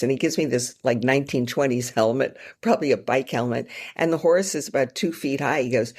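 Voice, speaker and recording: Woman guest, travel anecdotes, gravelly fry, animated and self-mocking. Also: very deep voice, brisk, hardly any pauses. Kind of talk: storytelling in a podcast interview.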